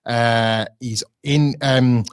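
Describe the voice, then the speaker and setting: A man's voice: mid-range voice, steady tone, drawn-out words, clear, resonant tone, no room sound. A man co-hosting a podcast, retelling events in a chatty, wry and digressive way. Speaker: podcast co-host. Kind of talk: casual podcast review.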